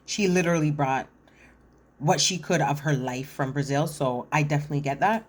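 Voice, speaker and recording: A woman's voice: deep voice, brisk. A young woman recapping a reality show episode in casual commentary, chatty and full of fillers, acting out what the cast says. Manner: chatty, filler-heavy retelling with acted-out quotes.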